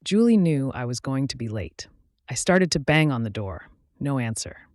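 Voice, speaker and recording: Man narrating a story, lively pitch. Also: normal speed, no room sound, clean studio sound. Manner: plain storytelling with mild censored swearing. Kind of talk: reading a first-person relationship story.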